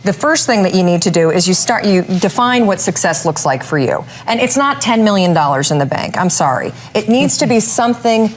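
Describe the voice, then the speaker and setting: A middle-aged woman being interviewed, giving emphatic, animated advice. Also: mid-range voice, fairly quick, hardly any pauses, slight background noise. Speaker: guest.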